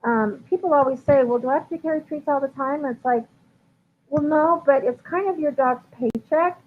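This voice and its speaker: A woman's voice: high-pitched, normal speed. A woman dog trainer answering viewer questions in a casual live stream, chatty with frequent ums and likes. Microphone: livestream computer mic. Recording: tinny phone-like line with faint hiss.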